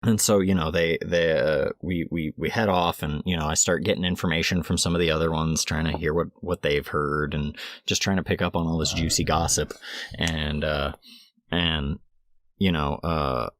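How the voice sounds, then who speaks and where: A man's voice: extremely low pitch, steady tone, normal speed, no room sound. A man co-hosting a podcast, telling a long story casually with many restarts and fillers. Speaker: podcast co-host.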